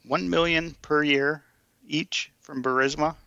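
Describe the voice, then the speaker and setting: A man's voice: on the high side, fairly even intonation, a little slow, vocal fry, bright, forceful tone, no room sound, lo-fi sound. A man co-hosting a casual political podcast, laying out a list of facts with hesitant restarts. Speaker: podcast co-host.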